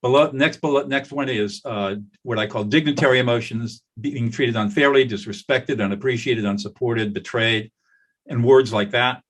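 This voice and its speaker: An older man, a conflict mediator, talking in a podcast interview and telling stories with lively acted-out quotes. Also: mid-range voice, moderate pace. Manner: animated storyteller, acts out quoted voices.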